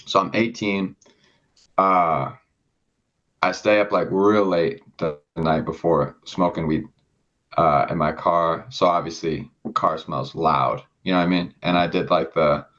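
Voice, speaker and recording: A man's voice: deep voice, steady tone, measured pace, a bit bright. A young man on a podcast telling a rambling story in casual chat, swearing often and acting out the people in it. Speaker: podcast co-host. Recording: dull lo-fi sound.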